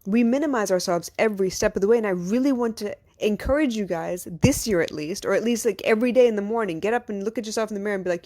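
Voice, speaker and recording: A woman's voice: mid-range voice, fast talker, few pauses, darkish tone, no echo. A woman hosting a podcast, a mother giving an earnest, encouraging motivational monologue full of rhetorical questions. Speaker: podcast host.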